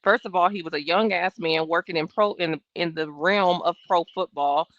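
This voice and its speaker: A woman's voice: lowish voice, normal speed, a bit bright. A woman in her thirties hosting a live trial-watch stream, giving blunt, sassy, profane casual commentary. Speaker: livestream trial-watch host. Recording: dull, dry home stream audio.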